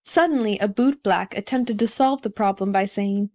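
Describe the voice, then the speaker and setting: A woman narrating a storybook audiobook in an even, clear storytelling manner. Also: medium pitch, normal speed, hardly any pauses.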